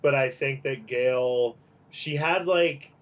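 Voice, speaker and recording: A man's voice: medium pitch, slow pace. Hesitant man on dull audio. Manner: hesitant, many fillers and restarts. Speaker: guest. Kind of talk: casual live-stream chat.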